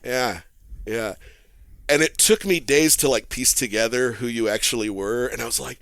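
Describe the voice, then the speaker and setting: A man, a therapist and guest telling an animated story in casual podcast chat and laughing as he talks. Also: medium pitch, normal speed, vocal fry, no echo. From Texas. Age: 40s.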